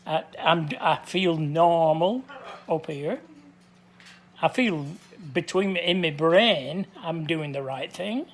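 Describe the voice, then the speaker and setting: A man's voice: fairly high pitch, slow. An older man giving a blunt, plain-spoken monologue to camera, repeating his points to drive them home. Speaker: vlogger.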